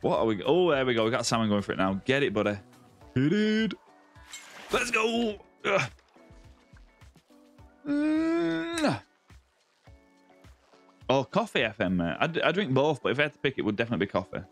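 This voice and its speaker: A man's voice: lowish voice, lively intonation, racing, few pauses, fairly bright tone, soft background music. A man with a Lancashire accent live-streaming a game, bantering and greeting viewers by name. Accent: Lancashire English. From northwest England, Lancashire near Yorkshire.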